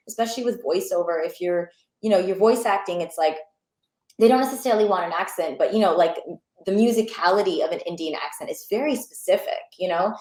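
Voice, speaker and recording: A young adult woman, an actor, chatting as a guest in an interview, enthusiastic and animated with many fillers. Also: medium pitch, echoey room. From Pakistani and Bangladeshi heritage. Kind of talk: casual interview chat.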